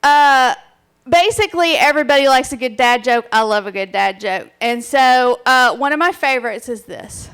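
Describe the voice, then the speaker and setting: A woman with a notably high voice gives a playful, crude comic talk. She is excitable and keeps calling out to the audience. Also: normal speed, smooth. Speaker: presenter at a live bar show. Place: bar stage with live audience.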